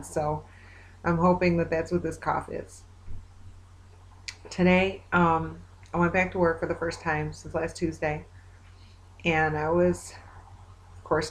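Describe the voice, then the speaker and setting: Rambling woman vlogger, low-pitched voice. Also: slight background noise. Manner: rambling, retells conversations with many fillers; hopeful yet weary. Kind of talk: casual personal video diary.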